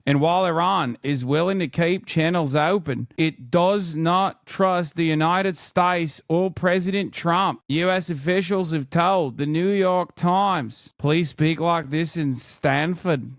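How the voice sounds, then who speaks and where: A man reacting to news on a live stream, sarcastic and quick to swear. His voice sits a little high for a man. The sound is dry and close-miked. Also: dry recording. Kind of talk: casual live-stream commentary.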